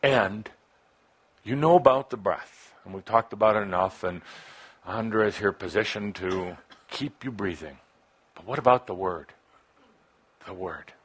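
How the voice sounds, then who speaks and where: A man giving a channeled spiritual talk to a live audience, speaking in short broken phrases that swing from soft musing to emphatic, passionate urging. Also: on the low side, a little slow, pauses often, husky.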